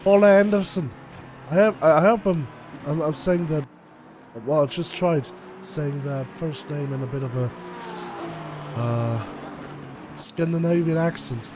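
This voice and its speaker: A man's voice: a little high, a little slow, pauses often, music in the background. A man giving chatty, analytical live commentary on a sim race, laughing often. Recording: noisy with race car sound behind.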